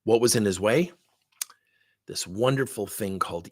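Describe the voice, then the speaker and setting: A man's voice: fairly low pitch, normal speed, no echo, studio quality. A middle-aged man as a sales trainer, telling blunt, emphatic stories in a workshop webinar. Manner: animated, blunt, emphatic storyteller.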